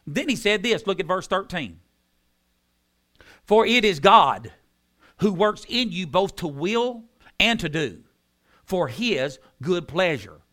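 A man preaching a sermon, repeating key phrases with emphasis and dropping into soft tones. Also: sits high, lively intonation, normal speed. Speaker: pastor.

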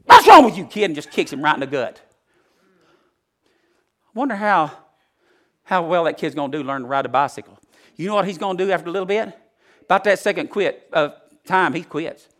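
A male preacher, giving a folksy sermon that swings from loud to hushed. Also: fairly high pitch, fairly quick, pauses often.

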